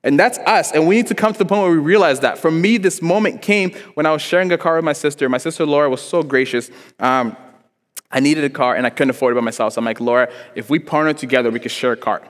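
A man's voice: on the high side, fast talker. A young man preaching a sermon in a church, telling stories casually with lots of "like" fillers. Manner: casual, storytelling, frequent "like" fillers, acts out quotes. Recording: long reverb in a church hall.

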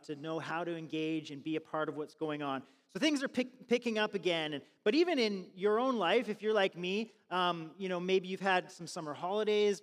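A male pastor delivers a conversational sermon, dotted with fillers and restarts. His voice sits high for a man. The sound carries a long reverb from a large church hall. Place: church sanctuary.

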